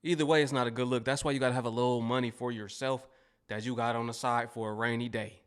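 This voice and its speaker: A man's voice: mid-range voice, steady tone, fast. A man hosting a reaction commentary, laid-back and teasing, speaking in casual slang. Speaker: commentary host.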